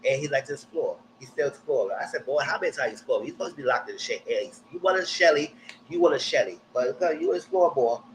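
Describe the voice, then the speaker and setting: A man giving a blunt, slangy live recap of a TV show, jumping up high in pitch when he quotes people. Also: fast talker, slight background noise, low-quality recording. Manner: animated, jumps high when quoting people. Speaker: TV recap streamer. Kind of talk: live casual TV recap commentary.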